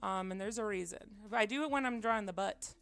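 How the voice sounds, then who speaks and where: Gravelly-voiced woman streamer rambling. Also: mid-range voice, quick pace, faint music behind. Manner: rambling, self-deprecating, many fillers; drops to quiet mutters while concentrating. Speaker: livestreamer. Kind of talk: casual chat while drawing on stream.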